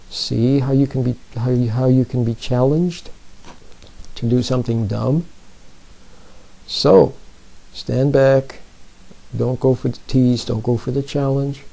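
A man with a mellow, darker voice talks the listener through self-help advice in a plain, unhurried way. He repeats himself often and keeps pausing to check in with little asides. His pitch sits right in the middle for a man. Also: fairly even intonation, vocal fry, rough recording. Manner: repeats points and often checks in with "See?" and "Are you with me?"; slow and deliberate, with restarts. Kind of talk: plain spoken advice talk.

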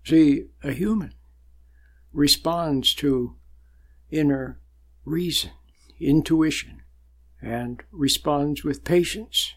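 This is an older man, a spiritual teacher, delivering a sermon-like talk in a slightly high voice. He is measured and emphatic, building his points through repeated phrases and long pauses.

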